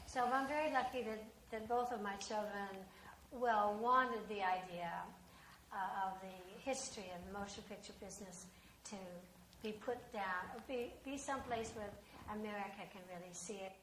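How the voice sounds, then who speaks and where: A woman's voice: mid-range voice, normal speed, reverberant, background noise. An older woman answering interview questions in a rambling, hesitant way.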